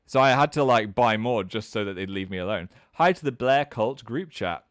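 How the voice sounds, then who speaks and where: A man's voice: animated, moderate pace, dry recording. Chatty man, dry close sound. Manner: chatty, self-mocking, jumps up in pitch for comic voices. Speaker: livestream host. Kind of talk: casual livestream chat.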